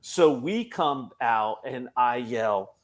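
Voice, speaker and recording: Man, mid-pitched, police officer, animated, laughing storyteller, casual podcast chat. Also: takes it slowly. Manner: animated, laughs through his own story.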